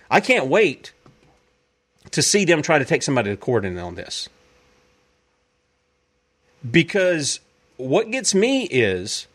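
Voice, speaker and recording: Guy ranting on his show, kinda high voice, pitch jumps all over, says stuff twice for punch. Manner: emphatic, repeats points for effect. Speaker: podcast host. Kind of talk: opinionated commentary.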